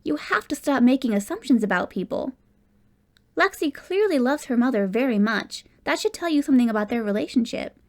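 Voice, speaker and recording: Audiobook mother, tender and pleading, grieving but loving, read by a woman in a fairly high voice. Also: lively intonation, fairly quick. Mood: concerned.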